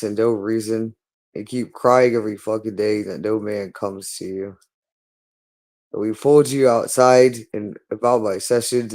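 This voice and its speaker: A man's voice: on the low side, a little mellow. A man speaking in a hostile, repetitive monologue, berating someone and swearing constantly. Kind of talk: angry monologue.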